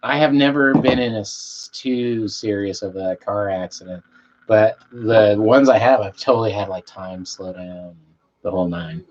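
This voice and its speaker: A man's voice: lowish voice, normal speed, darkish tone. A man chatting casually with his viewers on a live stream from home. He speaks laid-back, swears here and there, and coughs between sentences. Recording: dull lo-fi stream audio, faint room hiss.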